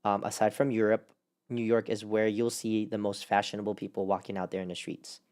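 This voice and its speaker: A man co-hosting a casual podcast chat, talking in an animated, rambling way with lots of fillers. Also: on the low side, a little fast. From California. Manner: animated, rambling with many fillers and quoted put-on voices. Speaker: podcast co-host.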